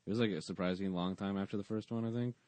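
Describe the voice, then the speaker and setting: Deep-voiced man, dry and sarcastic. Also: steady tone, racing, darkish tone, no room sound. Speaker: podcast co-host. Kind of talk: casual chat recapping a sitcom episode.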